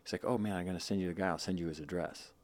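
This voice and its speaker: A man's voice: low voice, steady tone, very fast. A man in his thirties telling a personal story in a casual interview, rambling with many restarts and quoted asides. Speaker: guest.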